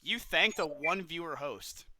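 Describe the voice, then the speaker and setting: A man's voice: on the high side, measured pace. A man streamer bantering casually, joking at his own expense. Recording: noisy stream clip with crowd.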